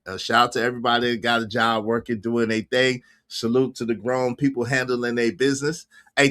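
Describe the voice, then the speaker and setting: A man hosting a casual livestream chat, bantering loudly and giving shout-outs to viewers. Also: medium pitch. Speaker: livestream show host.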